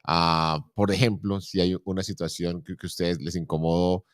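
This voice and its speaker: A middle-aged man hosting a relaxed conversation, asking questions and often repeating words as he searches for the next one. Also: deep voice, quick pace, dry recording, studio quality. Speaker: show host. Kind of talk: conversational interview in Spanish.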